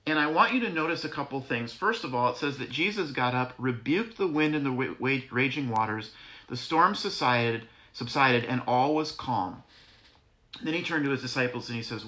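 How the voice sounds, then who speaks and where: A man's voice: medium pitch, lively intonation, moderate pace, bright, forceful tone. A man giving an earnest, conversational devotional sermon as pastor, repeating phrases for emphasis. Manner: earnest, repetitive, conversational preaching with self-corrections. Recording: echoey room.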